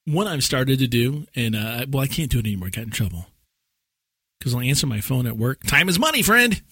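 A man with a slightly husky, mid-pitched voice chats casually on a podcast, rambling through stories and laughing often. He is recorded close and dry, with no room sound. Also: brisk, no room sound. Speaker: podcast co-host. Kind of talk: casual chat.

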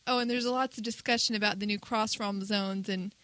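A woman's voice: medium pitch, steady tone, fairly quick, a bit bright, no room sound, rough recording. A woman co-hosting a casual chat, telling a story in a wry, chatty way. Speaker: podcast co-host.

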